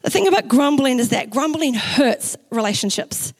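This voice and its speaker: A young woman pastor from New Zealand with a New Zealand accent, preaching a sermon in a chatty, animated way and acting out the quotes in her stories. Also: high voice, moderate pace, rough recording. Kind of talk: sermon with personal story. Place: church.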